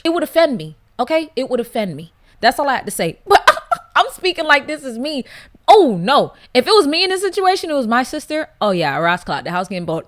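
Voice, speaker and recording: A woman hosting a casual podcast, blunt and profane, getting animated with loud laughing outbursts. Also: on the high side, a little fast. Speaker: podcast host. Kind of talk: casual podcast chat, reading listener stories.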